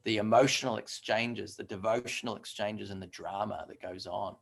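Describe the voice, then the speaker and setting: A man teaching a devotional scripture class in a relaxed, talkative way. His voice sits low and has a gravelly grain. He drifts into fillers and asides as he explains. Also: moderate pace. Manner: conversational, with fillers and asides like "right?".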